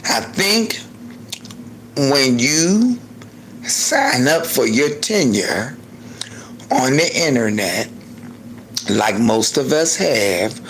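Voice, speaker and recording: A man in his sixties hosting a livestream and ranting heatedly with a lot of profanity, swinging between loud outbursts and low muttering. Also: creaky, slight background noise. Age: 60s. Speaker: livestream host.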